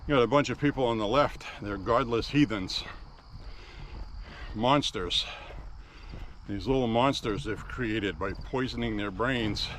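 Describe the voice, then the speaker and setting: Male vlogger, mid-pitched, outdoor walk-and-talk, blunt and profane, faint traffic behind. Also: a little slow, long pauses, a bit bright. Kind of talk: walking vlog monologue. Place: outdoors walking by a road.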